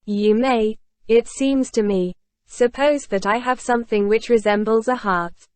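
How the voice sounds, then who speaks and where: A woman voicing a grave, calm older male ex-convict in a storybook reading, delivered in a measured, solemn way. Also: fairly high pitch, no room sound, lightly acted.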